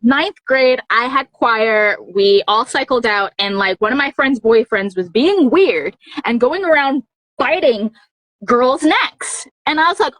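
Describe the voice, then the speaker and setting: A woman hosting a podcast, relaxed and quick to laugh, sharing short personal anecdotes. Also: high-pitched, dry recording, low-quality recording. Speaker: podcast host. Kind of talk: casual conversation.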